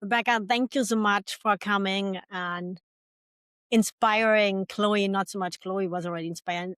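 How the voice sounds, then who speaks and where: Brief: woman podcast host, sign-off and plugs, even mid voice, dry recording. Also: mid-range voice, smooth, dry recording. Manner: warm thanks, then channel plugs and a read disclaimer.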